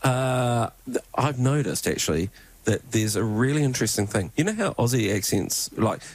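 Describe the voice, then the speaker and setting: A man's voice: mid-range voice, lively intonation, normal speed, no room sound. A man with a New Zealand accent co-hosting a music radio show, chatting casually and joking. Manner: joking, rambling, laughs easily. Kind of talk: casual chat.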